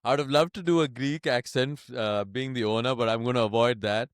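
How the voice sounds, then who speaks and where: A man co-hosting a casual football podcast, talking in a measured, analytical way and laughing often. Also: medium pitch, clear, resonant tone, no echo, clean studio sound. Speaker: podcast co-host.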